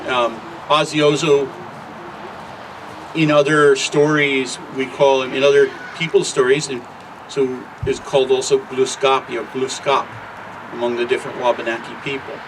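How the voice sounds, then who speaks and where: A man telling a traditional creation story at an unhurried, conversational pace, with occasional filler words, outdoors. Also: mid-range voice, level tone. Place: outdoors near traffic. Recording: distant mic with loud traffic noise.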